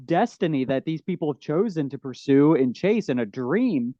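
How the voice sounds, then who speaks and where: A man's voice: fairly high pitch, lively intonation, moderate pace, warm tone, dry recording, dull audio. A man talking casually and animatedly on a podcast, rambling with many fillers.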